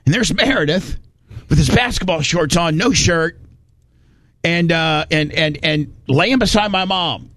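A man's voice: a little high, a little slow, fairly bright tone, no echo, clean studio sound. Rambling folksy Indiana storyteller man. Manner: rambling, folksy, acts out quoted voices. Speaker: podcast host telling a story. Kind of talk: casual storytelling.

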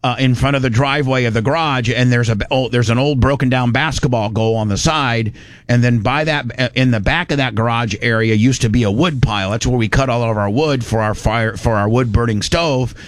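A man's voice: mid-range voice, fairly quick, no echo. A middle-aged man from Indiana, hosting a podcast and telling a long, rambling story in a folksy way, full of restarts. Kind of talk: casual storytelling.

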